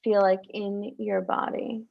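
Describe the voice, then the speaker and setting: Slow-talking woman coach, lo-fi stream sound. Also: medium pitch, level tone, vocal fry. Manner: soft, encouraging, with gasps and drawn-out sighs; repeats words for emphasis. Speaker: love and manifestation coach. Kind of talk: live-streamed guided visualization. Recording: dull lo-fi stream audio.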